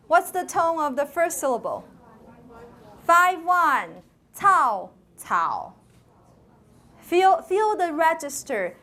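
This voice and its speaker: Brief: female lecturer, high voice, unhurried classroom delivery, chants syllables to demo tones. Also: very animated, bright, forceful tone. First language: Taiwanese. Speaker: university lecturer.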